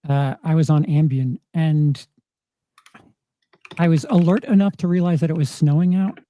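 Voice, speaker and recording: A man on a casual livestream panel, telling a story haltingly with restarts. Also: fairly high pitch, fairly even intonation, dark tone. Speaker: panel guest.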